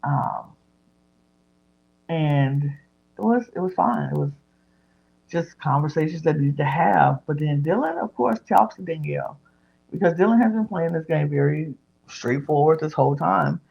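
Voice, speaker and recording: Husky gravelly woman recapping a show. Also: low voice, measured pace, long pauses, dull audio. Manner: animated retelling, acting out others' lines. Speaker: podcast host recapping a reality show. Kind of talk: casual recap chat.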